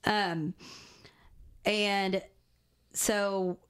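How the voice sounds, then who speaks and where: A woman's voice: mid-range voice, steady tone, drawn-out words, clear, resonant tone. A woman co-hosting a podcast, retelling a film's plot in casual chat, with lots of fillers and restarts. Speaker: podcast co-host. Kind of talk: casual movie recap chat.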